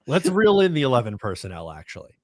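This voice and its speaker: A man hosting a casual sports chat show, relaxed and reading out listener comments. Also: medium pitch, fast talker, dry recording, studio quality. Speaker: podcast host.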